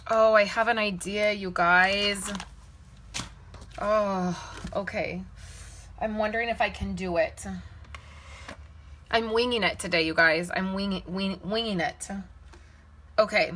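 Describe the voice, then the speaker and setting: A chatty woman runs a casual live crafting demo, thinking out loud and talking straight to her viewers. Her voice is bright and forward, and a faint hiss sits under it. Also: mid-range voice, fairly even intonation, slow, long pauses. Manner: reads and answers viewer comments. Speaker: card-making demonstrator.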